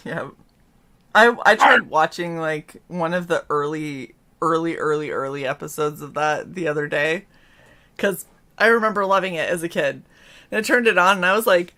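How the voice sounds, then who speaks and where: A woman's voice: lowish voice, normal speed. A woman co-hosting a casual stream, telling stories with lots of laughter and acted-out voices. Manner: animated storyteller, laughs often, acts out voices. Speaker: stream co-host. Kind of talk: casual chat.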